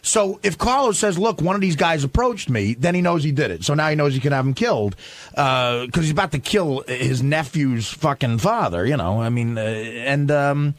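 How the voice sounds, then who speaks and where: A man's voice: mid-range voice, lively intonation, normal speed, no echo. A man telling a long, rambling, profane story on a radio show, full of restarts and fillers.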